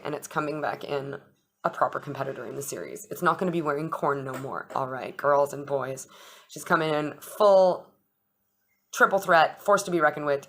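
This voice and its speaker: A low-pitched young woman chats through an astrology and tarot reading. She swears freely and acts out little dialogues, with a faint hiss behind her voice. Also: gravelly, a bit bright. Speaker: astrology and tarot channel host. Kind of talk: casual chat with tarot reading.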